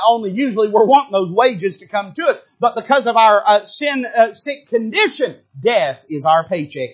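Man, pastor, high voice, fervent sermon, speaks straight to the congregation, sharp rises and drops in force. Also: breathy edge. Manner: fervent preaching with big swings in pitch and loudness; addresses the congregation directly. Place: church sanctuary.

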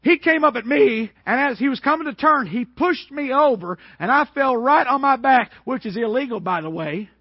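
Male preacher, high and husky, dry slightly muffled sound, animated sermon storytelling. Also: moderate pace, hardly any pauses, no room sound. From Georgia, US. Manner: animated, building to shouted peaks. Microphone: worn microphone.

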